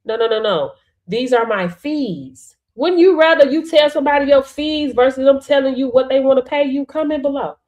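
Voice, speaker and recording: Emphatic woman coach, slightly high voice. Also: moderate pace, a little mellow. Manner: emphatic, punctuates with "right?" and "Hello?", calls on viewers. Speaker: business coach. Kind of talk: live-streamed coaching talk.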